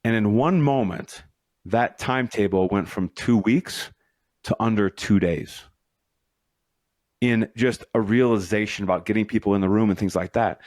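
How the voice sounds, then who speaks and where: A man's voice: on the low side, moderate pace, a little mellow, no room sound, studio quality. A middle-aged man hosting a solo podcast as a leadership coach, telling stories in an earnest, motivational, conversational way.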